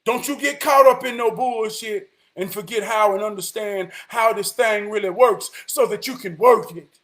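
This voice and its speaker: A man with a Southern US accent giving an inspirational talk, preaching and building to shouts before dropping low. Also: moderate pace. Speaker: motivational speaker.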